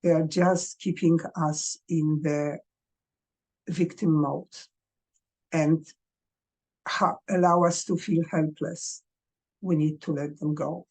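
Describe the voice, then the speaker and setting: A woman coaching parents in a gentle, earnest advice talk, speaking English as a second language. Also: low-pitched, slightly rough.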